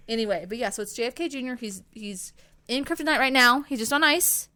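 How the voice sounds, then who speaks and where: A woman's voice: a little high, expressive, fairly quick, sharp tone. A woman in her thirties co-hosting a podcast, rambling in casual chat, full of "like" and casual swearing. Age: 30s. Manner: chatty, rambling, swears, lots of fillers. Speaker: podcast co-host.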